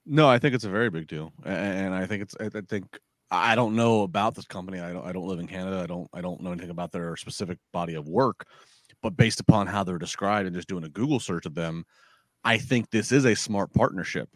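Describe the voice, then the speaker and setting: A man's voice: low voice, fast, no room sound. A man co-hosting a wrestling podcast, talking casually in long rambling turns with many restarts. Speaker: podcast co-host.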